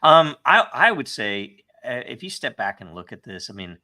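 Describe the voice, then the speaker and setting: Sing-song and sharp in tone, a mid-range male voice at normal speed hosts a casual podcast discussion. He reads out listener questions and answers with emphatic, rambling opinions, laughing often.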